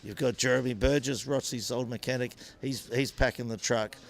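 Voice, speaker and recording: Older Kiwi ex-racer telling stories. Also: male voice, mid-range voice, moderate pace. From New Zealand. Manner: animated anecdotes with frequent restarts. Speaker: former motorcycle racer and businessman. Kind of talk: interview, storytelling.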